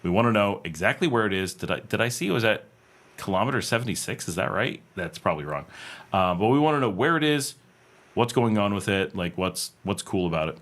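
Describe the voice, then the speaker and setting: A man's voice: on the low side, a bit bright. A man hosting a casual livestream from home, reading viewer comments aloud and answering them in a rambling, thinking-aloud way with many fillers and restarts. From United States. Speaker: livestream host. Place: home room with air conditioning.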